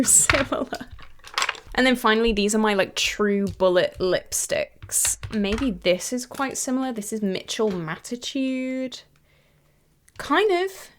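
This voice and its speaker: A woman beauty vlogger chatting casually to camera, thinking aloud and breaking into excited exclamations. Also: medium pitch.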